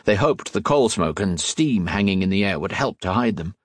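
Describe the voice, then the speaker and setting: Husky-voiced man narrating an audiobook. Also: low voice, animated, dry recording, clean studio sound. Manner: measured storytelling. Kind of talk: scripted narration.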